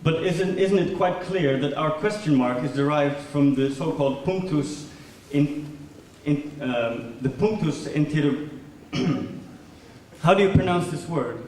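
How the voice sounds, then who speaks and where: A man with a fairly high but darkish-toned voice gives a performative talk composed only of questions, his pitch rising each time. He speaks unhurriedly as a performance speaker in a large lecture hall. Faint noise and a distant, echoey sound mark the recording.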